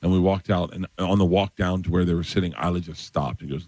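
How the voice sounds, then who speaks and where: Comedian in his 50s, low voice, lively storyteller, dry studio sound. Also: fast, no echo. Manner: animated storyteller, acts out quoted voices in a higher pitch. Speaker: stand-up comedian guest. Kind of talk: storytelling on a radio show.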